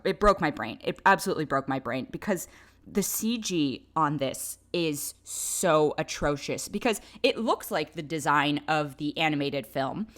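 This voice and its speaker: A woman reviewing a film in a casual, unscripted way. Her voice swings widely in pitch as she vents. She sounds exasperated and sarcastic and laughs between her complaints.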